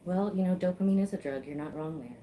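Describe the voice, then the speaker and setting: A woman's voice: lowish voice, fast talker, mellow, a little hiss or hum. A woman practitioner chatting casually while she gives a face sculpting massage, swearing easily and laughing.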